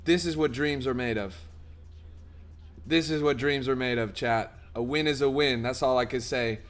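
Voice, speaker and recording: A young man live-streaming his trading to chat, excitable and profane, bursting into loud shouts. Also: medium pitch, moderate pace. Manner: profane, blunt banter with chat.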